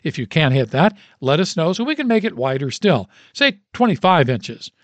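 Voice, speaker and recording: A man's voice: big pitch swings, normal speed, no echo. A man voicing a fiery old male baseball coach who lectures a crowd of coaches in an emphatic, preacher-like way. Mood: booming, preachy. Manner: booming, emphatic, preacher-like delivery.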